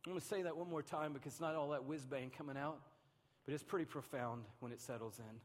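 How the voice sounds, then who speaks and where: A man preaching a sermon to his church, animated and swinging between loud and hushed delivery, acting out little voices. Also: a little high, fast. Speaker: pastor. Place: large church hall. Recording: long hall reverb.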